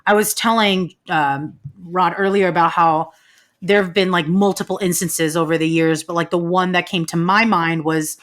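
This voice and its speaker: A young adult woman, a guest on a podcast, chatting casually and swearing freely in quick bursts. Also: lowish voice, fairly even intonation, a bit bright.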